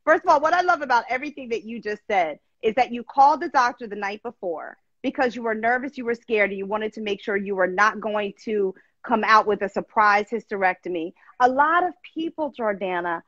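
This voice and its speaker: A woman hosting an interview talks emphatically and addresses her listeners directly. Her voice sits a touch high, recorded dry and a little dull and lo-fi. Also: brisk, hardly any pauses, fairly bright tone, dry recording. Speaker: show host.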